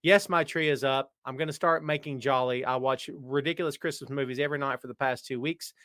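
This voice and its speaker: A man hosts a live stream at an easy conversational pitch, his voice worn and tired. He rambles and jokes straight at his viewers, and the sound is dry and close. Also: steady tone, brisk, fairly bright tone, dry recording. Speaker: podcast host. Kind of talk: casual live-stream chat. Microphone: webcam setup.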